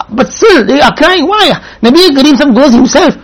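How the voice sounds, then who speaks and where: A woman with a high voice delivers an earnest religious sermon, telling a story and mixing Arabic and Urdu religious terms into her speech. Her delivery is emotional and at times close to tears. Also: lively intonation, moderate pace, rough recording. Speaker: religious speaker.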